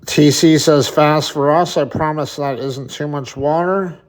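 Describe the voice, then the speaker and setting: A man's voice: a little high, steady tone, a little slow. A man hosting a casual livestream, chatting to viewers, reading their comments aloud and swearing freely. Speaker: livestream host.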